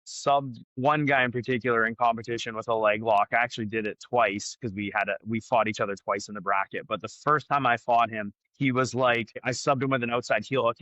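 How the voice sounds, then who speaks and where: A man, a jiu-jitsu black belt and gym owner, talking candidly as a podcast guest and thinking out loud with lots of fillers. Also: mid-range voice, steady tone, fairly quick, few pauses, no room sound, highs cut off. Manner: candid, frank, talks through his thinking with many fillers. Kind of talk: casual podcast conversation.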